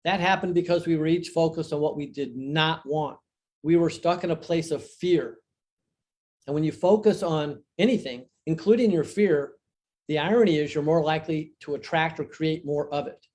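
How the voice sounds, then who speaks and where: An older man with a somewhat high-pitched voice tells a personal story on a video call. He speaks earnestly and reflectively and leans hard on key phrases. It sounds like an interview conversation. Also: moderate pace, darkish tone. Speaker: guest, divorce author and coach.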